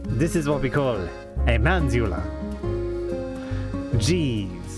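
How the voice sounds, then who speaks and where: A man's voice: medium pitch, big pitch swings, takes it slowly. A man putting on a pompous French streamer. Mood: theatrical. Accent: put-on French. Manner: theatrical, grandiose phrasing. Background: loud music.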